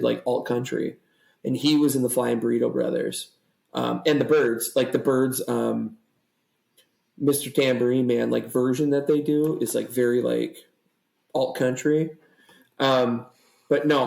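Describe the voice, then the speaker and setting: A man's voice: medium pitch, vocal fry, a little mellow, roomy sound, rough recording. A man in his thirties, a podcast guest in a rambling, laughing casual chat.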